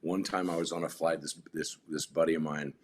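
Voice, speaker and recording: A middle-aged man telling rambling, animated stories in a casual podcast chat, often restarting his sentences. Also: rumbling low, brisk, a little hiss or hum. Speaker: podcast guest.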